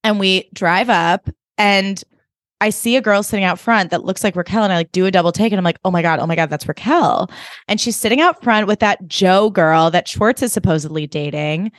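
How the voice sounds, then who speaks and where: A woman's voice: medium pitch, a little fast, no echo. Woman podcast cohost just chatting, lots of likes, swears a bit, dry sound. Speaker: podcast co-host. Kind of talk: casual chat. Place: Los Angeles area.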